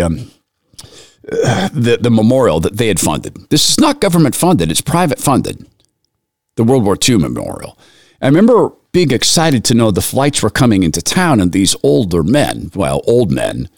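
A middle-aged man speaks at a middle pitch that swings widely as he tells a heartfelt story. He pauses and restarts as he searches for words. The sound is dry and close to the mic. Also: no room sound. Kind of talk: personal storytelling commentary.

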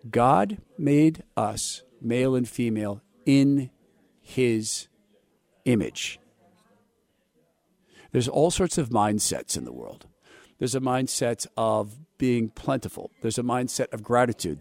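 A man's voice: mid-range voice, vocal fry, darkish tone, no echo. A man hosting a religious talk show, giving sarcastic, preachy commentary on soundbites and asking for donations. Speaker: radio show host.

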